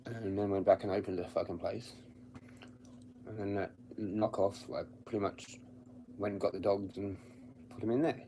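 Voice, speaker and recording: An Australian man rambles on a camera-off livestream in a blunt, profanity-heavy way, laughing at his own stories. His voice sits low and dark. A faint hiss of noise runs under it. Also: fairly even intonation, moderate pace, pauses often. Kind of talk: casual rambling livestream chat. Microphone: streaming from home with the camera off.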